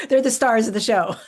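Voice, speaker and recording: An older woman, an herbalist guest, telling stories in a relaxed, folksy way, often restarting her sentences. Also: a little high. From United States. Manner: warm folksy storytelling with frequent restarts and laughs. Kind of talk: relaxed conversational storytelling.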